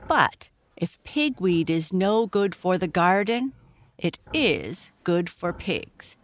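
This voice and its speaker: A woman from Canada reads a children's story aloud at a slow, careful pace. Her voice sits a little low. She adds gentle asides that explain things to young listeners.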